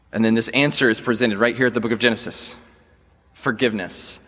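A male pastor preaches in an earnest, measured way at a middle pitch and often puts questions to his listeners. His voice carries a long reverb from the church sanctuary around him. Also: a bit bright, breathy edge. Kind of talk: sermon.

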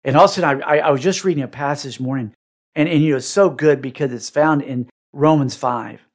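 A man's voice: mid-range voice, fast. A middle-aged man telling an emotional personal story as a podcast guest, acting out what people said with dramatic swings. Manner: animated, dramatic re-enacting of quotes.

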